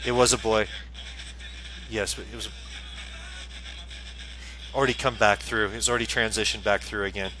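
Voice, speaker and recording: A man working as a psychic medium, giving a live ghost box reading in a calm, steady way and closing each message with set phrases. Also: lowish voice, moderate pace, pauses often, a little hiss or hum, rough recording. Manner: calm, repeats messages, ritual sign-offs.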